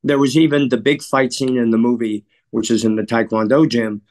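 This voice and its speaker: A man from Chicago, a guest in an interview, telling stories in a measured, earnest way and often clearing his throat. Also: mid-range voice, flat delivery, darkish tone. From Chicago, USA. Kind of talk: reflective interview storytelling.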